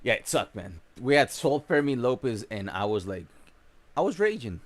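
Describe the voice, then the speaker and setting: A man hosting a gaming livestream in casual chat, chatty and greeting viewers by name, his voice a bit rough from just waking up. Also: mid-range voice, very animated, normal speed.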